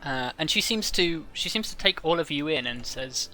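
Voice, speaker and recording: A male game master narrating a fantasy tabletop game, halting and full of restarts. His voice is very bright, with faint music underneath. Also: fairly high pitch, expressive. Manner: halting, many fillers and restarts.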